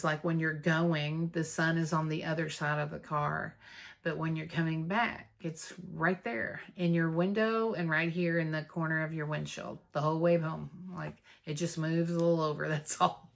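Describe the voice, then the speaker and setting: A low-pitched, gravelly-voiced woman from North Texas chats to camera for her Flosstube stitching vlog. Rambling and full of fillers, she catches viewers up on her news and talks fondly of friends.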